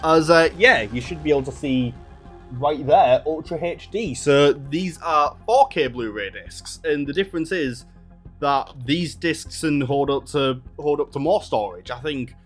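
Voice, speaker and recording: A man's voice: fairly high pitch, measured pace, soft background music. A man casually explaining game discs and storage in a home vlog, rambling and correcting himself as he goes. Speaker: gaming YouTuber. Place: home room with a console and desk.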